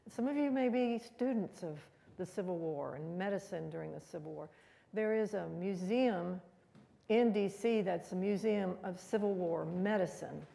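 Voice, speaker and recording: A woman's voice: on the low side, normal speed, vocal fry, dark tone, big-room sound. A woman giving a conversational, rambling history talk as a guest speaker in a museum room.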